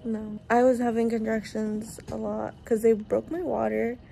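Giggly, rambling young woman with a gravelly edge. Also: on the high side, steady tone, moderate pace, dark tone, slight background noise. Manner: giggly, rambling, with many filler likes. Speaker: vlogger. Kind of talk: casual chat vlog. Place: hospital room.

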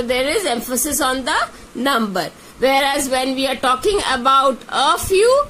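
A woman's voice: high voice, fairly bright tone, slight background noise. A woman teaching an English grammar lesson, patiently repeating example sentences and checking in with "okay?". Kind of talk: slow explanatory grammar lesson.

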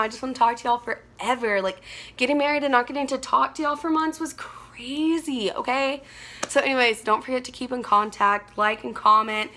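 A young woman, chatting casually as a beauty vlogger, gushing and rambling excitedly. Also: on the high side. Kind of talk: casual unboxing chat.

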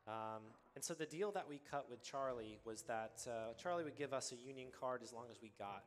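A man commentating live on his own speedrun, explaining the game in a relaxed way with many ums and uhs. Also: mid-range voice, fairly quick. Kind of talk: live commentary while playing.

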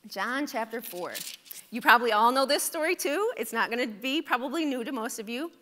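A woman preaching a sermon at a church service, animated and conversational, often checking in with her listeners. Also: fairly high pitch, fairly quick, a little hiss or hum. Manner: animated, conversational, asks the congregation "right?". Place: church sanctuary. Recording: church hall reverb. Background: congregation responding.

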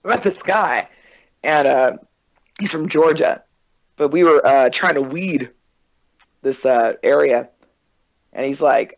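A podcast host in casual conversation, telling stories in an animated way and acting out quoted exchanges. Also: mid-range voice, slow pace, vocal fry, long pauses. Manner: animated storyteller, acts out quotes. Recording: dull lo-fi recording.

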